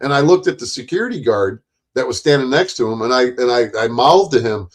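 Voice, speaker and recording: A man casually telling a long story in a rambling, profane way, often jumping louder and higher when he acts out quoted lines. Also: lively intonation, fairly quick.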